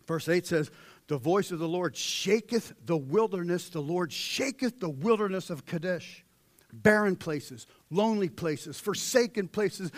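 A middle-aged man preaching a sermon, swinging from shouted peaks down to hushed, almost whispered lines. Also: sits high, animated, measured pace, no room sound.

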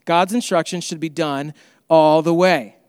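A man's voice: a little high, fairly even intonation, a little slow, a little mellow, clear, resonant tone, dry recording, clean studio sound, big-room sound. A man preaching an earnest, conversational sermon as pastor.

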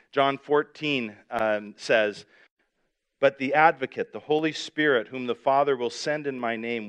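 A man delivers a sermon in a relaxed, conversational manner. He reads scripture aloud and often restarts his sentences as he explains them. His voice sits at a middle pitch. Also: smooth. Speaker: pastor.

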